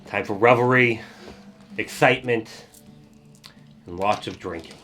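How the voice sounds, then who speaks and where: A man narrating as game master of a tabletop game, talking loosely and filling pauses with ums and kind-ofs. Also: lowish voice, fairly bright tone, faint music behind. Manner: loose, rambling narration with fillers.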